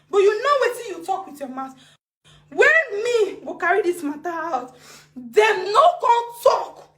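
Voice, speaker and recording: A woman with a Nigerian Pidgin accent, ranting on a live video, agitated and swinging between laughing, crying and shouting. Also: extremely high pitch, echoey room. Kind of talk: emotional live-video rant.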